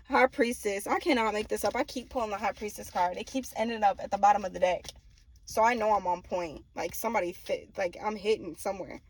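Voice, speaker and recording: A woman's voice: a little high, brisk. A young woman giving a casual tarot reading, blunt and profane, often laughing and mimicking people. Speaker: tarot reader.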